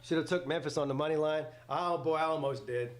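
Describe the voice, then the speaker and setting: Reacting live to a football game, a host rambles and gets worked up over every play, cursing casually along the way. His slightly high voice moves briskly, and the mic catches a roomy, echoey home space.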